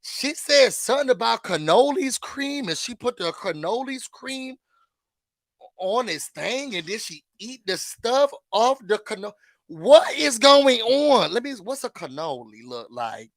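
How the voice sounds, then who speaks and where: A man hosting a casual reality-show recap, chatty and animated, laughing and throwing in dramatic asides. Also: sits high, measured pace, no room sound. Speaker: YouTube host.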